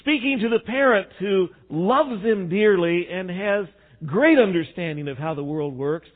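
A man preaches with lively swings between hushed, reflective passages and loud, emphatic bursts. His voice sits a little high for a man. The recording is thin and tinny, like a phone line. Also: unhurried. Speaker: pastor. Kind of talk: sermon.

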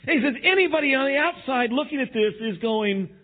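A pastor preaches in a lively sermon voice, slipping into other voices to act out what people say. His voice sits high and a little husky. The audio is thin and tinny, like it came over a phone line. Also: a little fast.

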